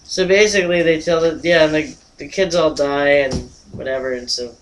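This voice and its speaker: A man's voice: fairly high pitch, steady tone, normal speed, background noise. A young man co-hosting a casual movie review chat, swearing loosely and trailing off with fillers as he recaps a plot. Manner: loose and profane, hesitant with fillers.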